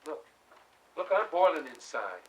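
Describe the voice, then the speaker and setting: A man's voice: on the high side, big pitch swings, unhurried, far from the mic, low-quality recording. An actor playing a restless young man who longs to leave home, talking intensely in bursts of feeling. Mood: brooding. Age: young adult. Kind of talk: stage play scene.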